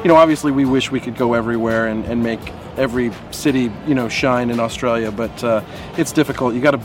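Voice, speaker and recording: Playful man, mid-pitched voice. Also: fast talker, music in the background. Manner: playful, jokey, laughs at own lines. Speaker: actor guest. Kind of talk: casual interview chat.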